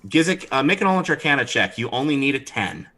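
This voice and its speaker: A man narrating as dungeon master of a tabletop game, animated and throwing in character voices. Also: mid-range voice, fast talker, low-quality recording.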